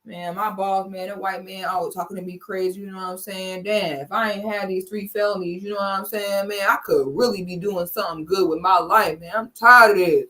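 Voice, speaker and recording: A woman's voice: medium pitch, steady tone, fairly quick, few pauses, pushed and bright, voice pushed down, close to an everyday voice, low-quality recording. A woman voicing a self-pitying jobless boyfriend, mumbling and slangy as he complains. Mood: whining. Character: whiny broke jobless boyfriend, grown man.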